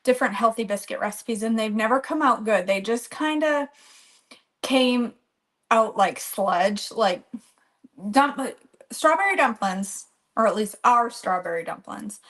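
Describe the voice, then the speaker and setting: A woman's voice: fairly high pitch, expressive, measured pace, a bit bright. A woman hosting a live cooking stream from her home kitchen, chatting and rambling as she greets viewers by name. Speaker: cooking channel host.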